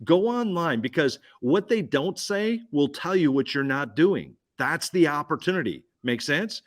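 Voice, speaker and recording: A man giving an energetic business pitch at a roundtable, punchy and repetitive, firing questions at the listener. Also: a little slow. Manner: punchy, repeats key phrases, asks listener questions. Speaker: guest speaker.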